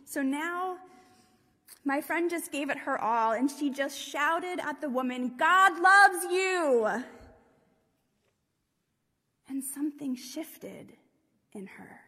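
A woman preaches a sermon in a high voice, moving slowly and gently through a story. Now and then she drops almost to a hush. Her voice carries the long reverb of a large hall. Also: expressive. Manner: slow, gentle storytelling with hushed passages.

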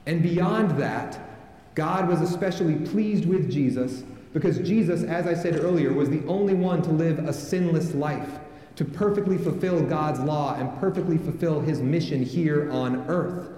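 Pastor with a mellow, slightly high voice in a big echoing hall. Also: male voice, normal speed. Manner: calls on the congregation to respond. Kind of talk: sermon. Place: large church sanctuary with a congregation. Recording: echoey hall with long reverb.

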